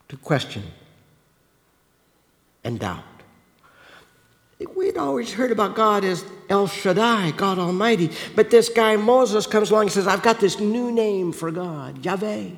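A man's voice: high voice, big-room sound. A man preaching a sermon, talking straight to his listeners and asking them questions, often restarting his sentences. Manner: animated, questioning the listeners directly, frequent restarts.

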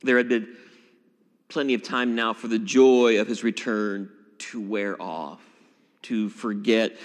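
A man preaching a sermon as pastor, emphatic and expressive, dropping at times to a hushed voice. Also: fairly low pitch, slow, in a large hall. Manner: expressive, emphatic preaching with dramatic drops to a hush.

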